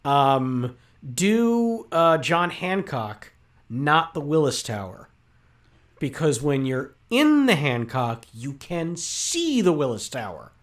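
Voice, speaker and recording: A man's voice: a little high, sing-song, slow. Easygoing chatty male actor guest. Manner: easygoing, chatty, with many fillers. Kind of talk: casual interview chat.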